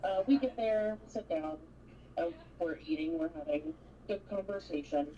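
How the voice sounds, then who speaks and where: A woman's voice: medium pitch, normal speed, recorded from a distance, highs cut off, a little hiss or hum. A woman co-hosting a casual livestream, telling a dating story animatedly and acting out what people said. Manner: animated storyteller, acts out quotes. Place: home livestream setup.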